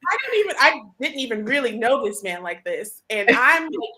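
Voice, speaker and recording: A woman hosts a relaxed group conversation, recounting events with lively, animated delivery. Her voice sits a little high and she scatters fillers and laughs through her talk. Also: moderate pace, crowd noise. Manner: animated storytelling with frequent "like" and laughter. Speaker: host. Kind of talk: casual group chat.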